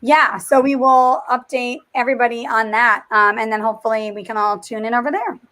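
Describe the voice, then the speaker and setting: A high-voiced woman co-hosts a relaxed live stream over a video call. She cuts in with dry, quick one-liners, then takes charge of signing off. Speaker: co-host. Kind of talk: casual live-stream chat.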